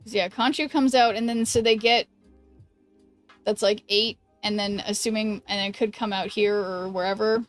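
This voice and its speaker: A woman streaming a card game, thinking aloud in halting restarts and chatting with her viewers. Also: mid-range voice, fairly even intonation, soft background music. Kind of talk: casual live-stream commentary.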